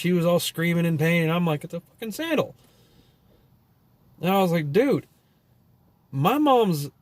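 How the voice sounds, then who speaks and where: A man's voice: a little high, no room sound. A man telling a long story as a vlogger in a casual, profane rant that rambles and is full of "you know" and "like".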